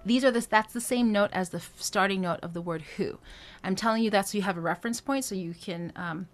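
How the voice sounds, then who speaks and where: Over music, a female vocal coach with a medium pitch talks fairly quickly through a singing lesson. She describes technique, breaks off to sing short phrases and drills, and often uses fillers and starts sentences over.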